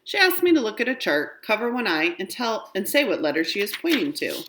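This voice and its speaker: A woman's voice: medium pitch, sing-song, a little fast, a bit bright. A woman reading a children's book aloud, narrating expressively in the first person. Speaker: storybook reader.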